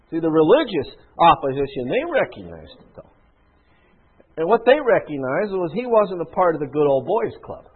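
Husky guy preaching, keeps clearing his throat, lively up and down voice. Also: on the high side. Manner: rhetorical, conversational preaching with frequent throat clearing. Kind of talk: sermon. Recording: tinny phone-like sound.

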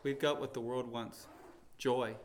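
A man preaching a sermon, telling stories and swinging between loud proclaiming and hushed pleading. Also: mid-range voice, fairly even intonation, a little slow, slight background noise. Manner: storytelling with quoted dialogue.

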